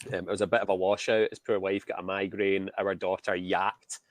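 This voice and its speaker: Low-voiced Scottish man, casual chat. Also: little pitch movement, fairly quick, dry recording. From Scotland. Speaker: podcast guest.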